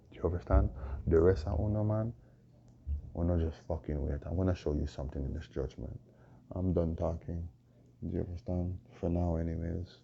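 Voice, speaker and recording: A man with a hoarse voice, preaching a proclaiming monologue full of repeated rhetorical questions. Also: low voice, mellow. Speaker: self-styled preacher. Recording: dull lo-fi recording with faint noise.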